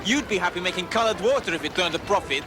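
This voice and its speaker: A man's voice: high voice, expressive, quick pace, background noise. An actor playing an indignant man who scolds his listener for caring only about profit. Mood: reproachful. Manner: reproachful, scolding. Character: indignant man defending vineyard workers. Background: music.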